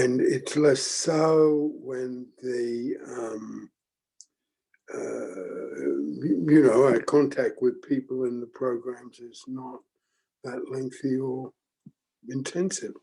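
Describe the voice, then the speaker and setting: Slow gravelly older man teaching. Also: mid-range voice, mellow, low-quality recording. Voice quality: gravelly, husky. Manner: slow, halting, with many ums and restarts. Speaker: teacher leading a forum. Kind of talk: reflective group teaching talk.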